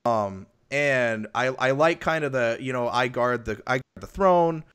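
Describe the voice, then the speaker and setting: A man with a wife and kids, co-hosting a podcast and reviewing a film in loose, rambling casual chat that gets animated when he tells a story. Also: medium pitch, a little slow, clean tone. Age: adult with a wife and kids. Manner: rambling, lots of restarts and fillers; animated when retelling stories. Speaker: podcast co-host.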